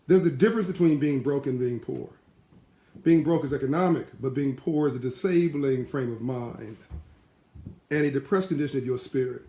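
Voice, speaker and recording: A man giving a live-streamed motivational talk in passionate, animated storytelling. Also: medium pitch, reverberant. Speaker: motivational speaker.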